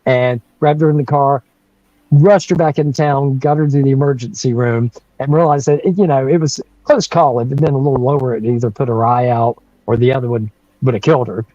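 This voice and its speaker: A man in his sixties from North Carolina, a guest telling a childhood story in a casual, animated way, with frequent laughs and restarts. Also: medium pitch, fairly quick, no echo, muffled recording. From North Carolina, USA.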